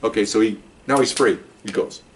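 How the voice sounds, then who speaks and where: Fast-talking older retired cop storyteller. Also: male voice, fairly low pitch, a little hiss or hum. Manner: animated, acts out quoted voices. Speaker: retired police officer. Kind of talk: casual anecdote telling.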